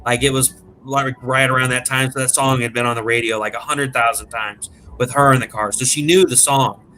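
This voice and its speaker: Bright-voiced man telling a prank story. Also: mid-range voice, brisk. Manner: animated, profane, laughs at his own story. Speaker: guest. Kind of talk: casual storytelling.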